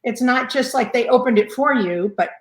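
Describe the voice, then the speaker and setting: A woman's voice: on the high side, normal speed. Older woman telling stories, roomy sound. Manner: rambling, many "you know" fillers. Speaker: fire chief guest. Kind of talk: conversational storytelling. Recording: roomy echo.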